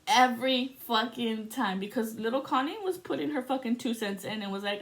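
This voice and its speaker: A woman in her forties from the United States, telling stories in a casual, profane, animated monologue as a spiritual vlogger. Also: fairly high pitch, fairly quick, hardly any pauses. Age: 40s. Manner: profane, animated storytelling with laughs.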